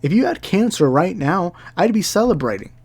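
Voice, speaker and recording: A man's voice: high-pitched, sing-song, normal speed, darkish tone, breathy edge. A young man giving heated commentary, ranting and repeating himself as he talks. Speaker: commentary YouTuber. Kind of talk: angry reaction commentary.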